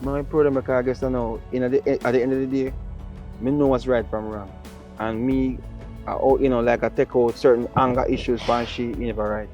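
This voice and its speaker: A man's voice: medium pitch, steady tone, a little fast, darkish tone, lo-fi sound, faint music behind. A man with a Jamaican accent playing a younger brother who talks earnestly in patois about changing his ways. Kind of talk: Jamaican comedy-drama skit.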